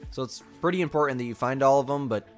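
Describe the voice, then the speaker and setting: A man's voice: medium pitch, fast talker, faint music behind. Male game streamer, young adult, laid-back live commentary, answers chat, slight cough. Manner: casual, reads and answers chat aloud.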